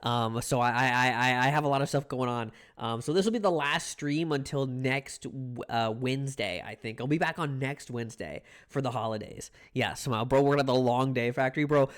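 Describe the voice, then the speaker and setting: A man's voice: medium pitch, fairly quick, few pauses, clean tone. A man chatting casually on a live stream, playful and rambling, greeting his chat over and over.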